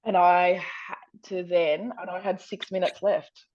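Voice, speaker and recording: A woman's voice: measured pace, dry recording. A woman, a stand-up comedian telling a story on a podcast, acting out quotes and swearing freely. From Australia. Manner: animated, acts out quotes with big pitch jumps, swears freely. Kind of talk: storytelling, casual chat. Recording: dull lo-fi sound.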